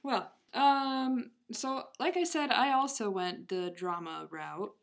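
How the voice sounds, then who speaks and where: A woman co-hosting a podcast, chatting casually with giggly, animated reactions and wry asides. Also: a little high, takes it slowly. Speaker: podcast co-host. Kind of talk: casual ghost-story chat.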